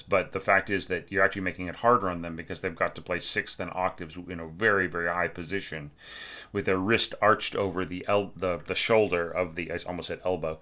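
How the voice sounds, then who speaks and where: A man's voice: deep voice, steady tone, brisk, pushed and bright. A man teaching orchestration, giving casual spoken feedback on a student's score and singing phrases aloud to show how they should sound. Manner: chatty and emphatic, sings phrases aloud to demonstrate.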